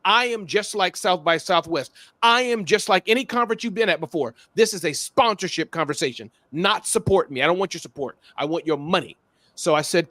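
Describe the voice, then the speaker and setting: A man with a high voice talks on a podcast as a guest, in a dry, close-miked sound. He is lively and playful and tells stories with sound effects. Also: brisk, no room sound. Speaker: guest, small business expert. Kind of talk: animated podcast conversation.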